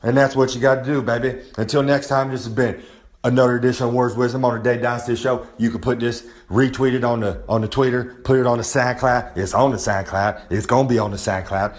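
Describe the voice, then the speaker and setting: A brash man cuts a wrestling-style promo, bragging and rambling as he refers to himself in the third person. He gets heated easily and swears freely, with a middle-pitched voice, speaking outdoors. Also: steady tone, fast talker. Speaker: recurring segment presenter. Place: outdoors on a humid day.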